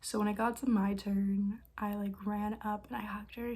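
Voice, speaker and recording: A young woman vlogger telling stories in a casual, excitable way, with quick bursts and frequent laughs. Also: mid-range voice, breathy edge. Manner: excitable, fast bursts, lots of likes and laughs. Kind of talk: casual storytime chat.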